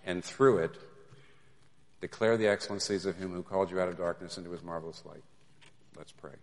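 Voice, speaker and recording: Conversational pastor preaching in a reverberant hall. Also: male voice, deep voice, lively intonation, normal speed. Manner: conversational, builds to emphatic peaks. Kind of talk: sermon.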